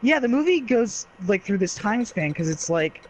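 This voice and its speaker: Male co-host, high, very animated voice, ranting casually, frequent swearing. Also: normal speed, a little hiss or hum, rough recording. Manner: animated, exasperated, swears freely. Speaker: podcast co-host. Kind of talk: casual movie review chat.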